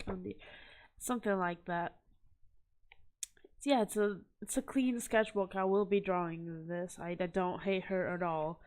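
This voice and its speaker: Young adult woman, slow-talking vlogger, casual, rambling, self-deprecating. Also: mid-range voice, clean tone. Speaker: vlogger showing art. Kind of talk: casual chat to camera.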